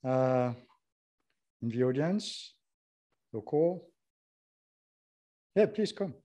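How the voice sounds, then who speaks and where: A man's voice: medium pitch, animated, extremely slow, mellow. A man chairing a conference session. He invites questions hesitantly, with many fillers.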